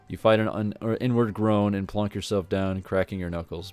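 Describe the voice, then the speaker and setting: A man's voice: on the low side, fairly even intonation, moderate pace, hardly any pauses, darkish tone, clear, resonant tone. Wry man reading a game aloud. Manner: rambling, self-correcting, wry. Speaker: video game let's player. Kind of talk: reading a visual novel aloud with commentary.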